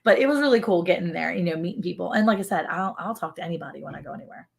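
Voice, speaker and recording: A woman's voice: lowish voice, lively intonation, very fast, creaky, husky. A woman co-hosting a ranch livestream, chatting casually, laughing often and yawning. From Texas. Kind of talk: casual live-stream chat.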